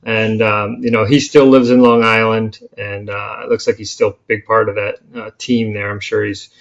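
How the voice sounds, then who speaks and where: A man's voice: on the low side, little pitch movement, normal speed, lo-fi sound. A man hosting a hockey podcast, wrapping up with an upbeat, friendly manner. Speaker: podcast host. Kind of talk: casual chat.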